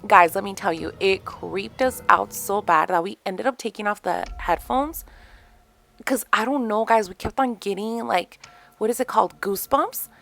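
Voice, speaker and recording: A woman's voice: medium pitch, normal speed, creaky, faint music behind. A woman in her thirties hosting a casual podcast, telling stories animatedly with lots of fillers and a few phrases. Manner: animated storytelling, many fillers, Spanish phrases mixed in. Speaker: podcast host.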